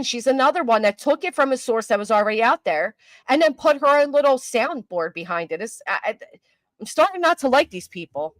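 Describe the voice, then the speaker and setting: A woman's voice: a little high, lively intonation, fairly quick, dry recording, clean studio sound. An older woman hosting a casual live-stream commentary, chatty and self-mocking, answering her chat as she goes. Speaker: YouTube commentary host.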